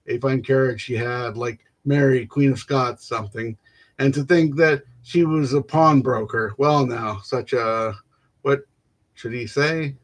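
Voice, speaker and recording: A man reading a classic novel aloud without rehearsal, stumbling and restarting words and filling pauses with "uh". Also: medium pitch. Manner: halting, stumbles and restarts words, fills gaps with "uh". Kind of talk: unrehearsed reading aloud of literary prose.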